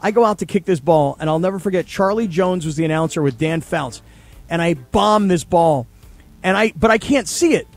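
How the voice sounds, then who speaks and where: A middle-aged man, a former kicker, telling animated stories in casual sports radio chat. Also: high-pitched, a little fast. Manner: animated storyteller.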